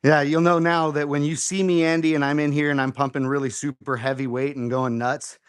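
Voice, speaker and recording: A man's voice: on the high side, little pitch movement, a little fast, clean tone, no echo, clean studio sound. Man coaching a home workout live. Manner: encouraging, counts reps aloud. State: slightly out of breath. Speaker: fitness host.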